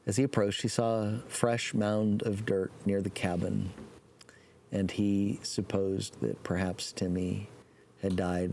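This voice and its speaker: Low-voiced man preaching a sermon. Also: slight background noise. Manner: relaxed, folksy, with fillers. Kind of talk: sermon with storytelling.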